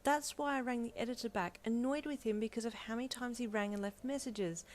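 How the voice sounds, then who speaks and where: A woman voicing an upset, tearful young pregnant wife in an audio fanfiction role-play, talking high and agitated. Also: normal speed, close to an everyday voice. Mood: angry.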